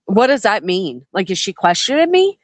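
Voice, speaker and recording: A woman's voice: medium pitch, very animated, normal speed. A woman in casual group chat, blunt and fed up, cursing as she makes her point. The sound is dry with no room echo. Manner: blunt and exasperated, swears freely.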